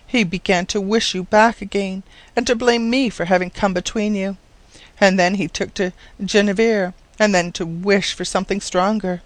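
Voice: mid-range voice, no room sound, lightly acted. An audiobook reader voicing a sad, crushed widowed woman who talks in faint, complaining tones. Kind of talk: audiobook reading.

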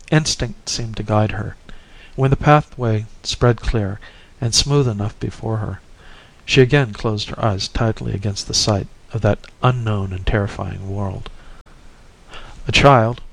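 A man narrating a classic short story in a measured, expressive reading. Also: lowish voice, vocal fry, low-quality recording.

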